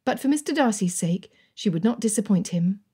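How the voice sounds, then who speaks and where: Mellow, breathy woman narrating a romance. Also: medium pitch, lively intonation, brisk. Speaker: audiobook narrator. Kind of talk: scripted narration.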